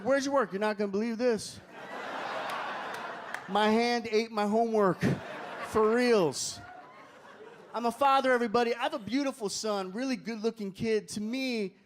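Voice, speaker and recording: A young male stand-up comedian with a high voice works a club stage. He jumps between a conversational delivery and loud, shouted punchlines. A faint crowd murmurs behind him over a light hum of room noise.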